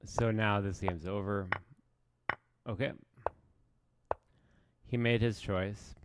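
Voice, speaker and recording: Male chess streamer, low-ish voice, unhurried self-mocking play-by-play muttered to himself. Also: fairly even intonation, heavy background noise. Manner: thinks aloud while playing, self-mocking. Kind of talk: casual live game commentary.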